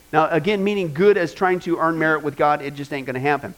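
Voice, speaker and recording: A man teaching a Bible class in an informal style, animated and joking with vivid asides, speaking into a microphone. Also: a little high, fast, low-quality recording.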